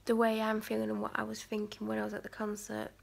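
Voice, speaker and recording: A woman's voice: medium pitch, completely flat delivery, fast talker, gravelly, slight background noise. A woman vlogger talking casually to the camera, rambling with many fillers and restarts.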